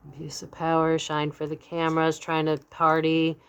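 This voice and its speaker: A young woman with a slightly low voice reads tarot cards for her viewers in a loose, chatty way. She is blunt, curses casually and breaks into laughter. She talks plainly and candidly throughout. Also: monotone, normal speed, clear, resonant tone. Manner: blunt and candid, swears freely, laughs often. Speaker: psychic tarot reader. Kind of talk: casual spoken tarot reading.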